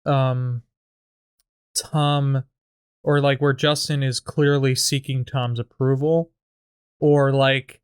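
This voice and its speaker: A man's voice: mid-range voice, flat delivery, takes it slowly, long pauses, smooth. A man co-hosting a comedy podcast, chatting casually and rambling through ideas with lots of fillers. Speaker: podcast co-host. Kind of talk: casual chat about sketch writing.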